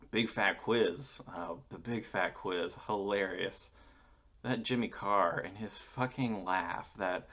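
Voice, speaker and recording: Low-voiced American guy gushing profanely. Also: a bit bright. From United States. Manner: enthusiastic, rambling, swears often. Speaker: vlogger. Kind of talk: casual chat to camera.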